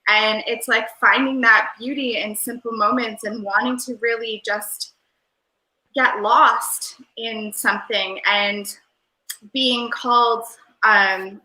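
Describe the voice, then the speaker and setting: A woman's voice: medium pitch, fairly even intonation, a little slow, pushed and bright. A woman guest in a casual interview, talking in an airy, Valley-girl-like way that rambles with lots of fillers, over a video call. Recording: roomy echo.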